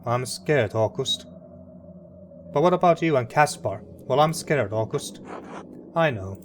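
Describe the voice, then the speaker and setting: A man reading a grieving, guilt-ridden middle-aged man in a narrative game, quiet and halting. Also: mid-range voice, lively intonation, background noise, close to an everyday voice.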